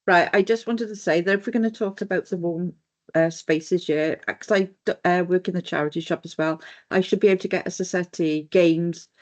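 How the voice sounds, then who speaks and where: Eager, higher-voiced Welsh councillor. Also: male voice, fairly even intonation, brisk. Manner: eager, offering help. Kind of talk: council meeting discussion. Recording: dull lo-fi meeting room recording.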